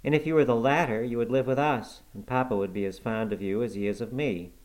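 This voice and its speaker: A man's voice: medium pitch, fast, a little mellow, lightly acted. A man voicing a proud, headstrong young girl who speaks earnestly and pertly. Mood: indignant. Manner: earnest, pert.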